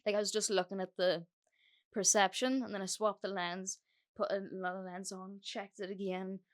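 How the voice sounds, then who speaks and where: A woman's voice: mid-range voice, little pitch movement, normal speed. A young woman hosting a solo podcast, telling a story in a chatty, sweary way with lots of fillers. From Ireland. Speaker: podcast host.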